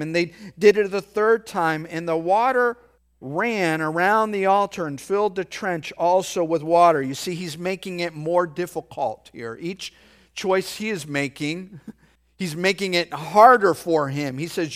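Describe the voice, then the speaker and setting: A man preaching a sermon, reading scripture aloud and pausing to explain it in quick, casual asides. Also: high voice. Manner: reads verses slowly, then explains in a quick aside. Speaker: pastor.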